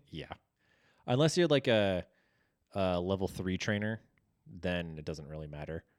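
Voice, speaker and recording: A man's voice: sits low, animated, a little slow, no room sound, studio quality. A young man co-hosting a casual podcast chat, swearing and telling stories with acted quotes. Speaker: podcast co-host.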